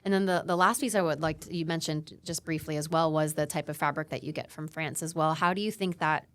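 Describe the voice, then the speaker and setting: Low-voiced woman hosting an interview. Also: steady tone, quick pace, fairly bright tone. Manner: friendly, searching questions with restarts. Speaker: podcast host. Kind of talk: casual interview.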